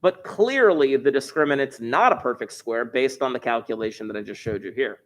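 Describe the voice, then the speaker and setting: A man's voice: mid-range voice, expressive, fairly quick. A man teaching a math review lesson, chatty and jokey, thinking aloud as he works through problems. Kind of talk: recorded class review lesson.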